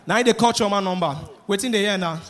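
A man with a Nigerian accent doing animated stand-up comedy, shouting his punchlines in pidgin. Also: sits high, fast. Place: live comedy venue. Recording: live stage with crowd noise and echo. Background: audience.

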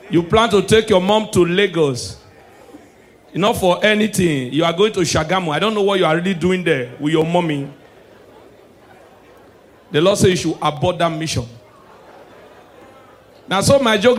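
A Nigerian man with a high voice delivers a stand-up set before a live audience. He tells stories in Pidgin-laced English. His soft asides give way to loud, shouted punchlines. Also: normal speed, pauses often. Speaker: stand-up comedian.

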